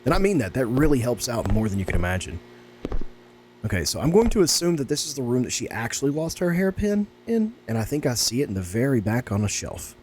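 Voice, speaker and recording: A man giving excitable, sarcastic let's-play commentary on a horror game as a gaming YouTuber. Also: medium pitch, quick pace, a little hiss or hum.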